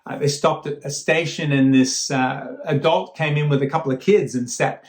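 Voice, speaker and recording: A man giving a guest sermon in a relaxed, conversational way, often repeating words as he starts a thought. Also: fairly high pitch, moderate pace, reverberant. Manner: conversational, warm storytelling with frequent fillers and repeated starts. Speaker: guest speaker.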